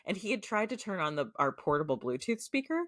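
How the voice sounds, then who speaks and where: A woman's voice: on the low side, big pitch swings, fast talker, dry recording, clean studio sound. A woman podcast co-host from the United States, chatting casually as she recaps a show, swearing freely and leaning on fillers like "like" and "um".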